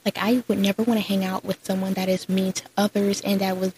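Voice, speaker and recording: A woman's voice: mid-range voice, little pitch movement, fast talker, a little mellow, a little hiss or hum, rough recording. A young woman hosting her own podcast, chatting casually and upbeat, with lots of "like" and "so". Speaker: podcast host. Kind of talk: casual solo podcast chat.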